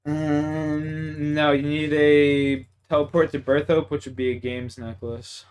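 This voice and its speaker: Canadian male streamer, casual, profane, quick to get worked up. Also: on the high side, a little hiss or hum. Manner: profane, excitable storytelling with laughs. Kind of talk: casual chat while gaming.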